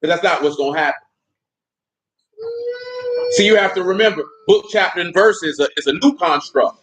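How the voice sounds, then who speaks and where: A man's voice: sits high, normal speed, noisy background. A man preaching a sermon in a loose, conversational way, with speech patterns, often asking his listeners questions.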